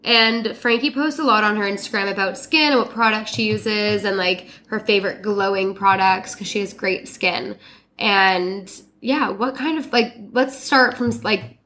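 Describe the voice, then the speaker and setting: A woman's voice: medium pitch, bright, forceful tone. Stuffed-up woman hosting a podcast. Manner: chatty, quick with laughs and fillers. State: stuffed-up cold voice. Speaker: podcast host. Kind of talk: casual chat.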